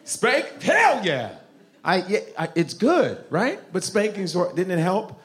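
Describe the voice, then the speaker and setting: A man doing stand-up crowd work at a comedy club, loud and profane, laughing as he talks. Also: high voice, wildly swooping pitch, slow pace. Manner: loud, profane, laughing, acts out parents' voices.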